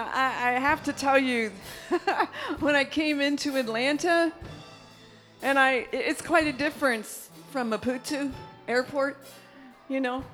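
High-voiced woman preaching, slow and exuberant. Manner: exuberant, laughing, shouting praise between calm stories. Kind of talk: charismatic sermon.

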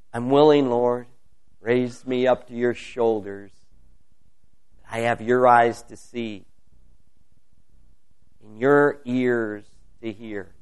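A man's voice: mid-range voice, clear, resonant tone. A man leading a spontaneous spoken prayer, fervent and repetitive in his petitions. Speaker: prayer leader.

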